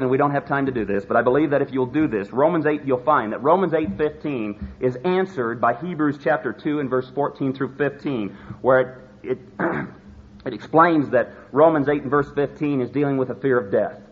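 Emphatic male preacher, lo-fi sermon recording. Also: medium pitch. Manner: emphatic, slows down to stress words. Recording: slightly dull lo-fi recording with faint noise.

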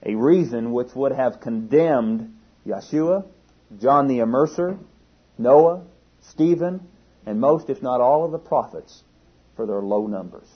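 A man's voice: medium pitch, slightly rough. A man preaching a sermon in an earnest, emphatic way, stressing key words and sometimes restarting a phrase. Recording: dull lo-fi sermon recording.

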